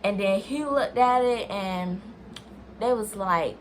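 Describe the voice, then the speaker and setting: A woman's voice: mid-range voice, slow pace, slight background noise. A young woman vlogger telling a personal story in a casual, rambling way, talking straight to viewers and filling sentences with "like". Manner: chatty, talks straight to viewers as "y'all"; rambling, restarts sentences, many "like"s.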